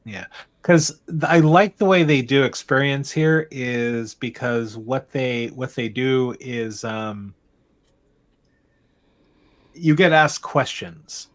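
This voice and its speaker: A man running a tabletop game as game master, narrating scenes in a meandering, halting way with frequent restarts. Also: mid-range voice.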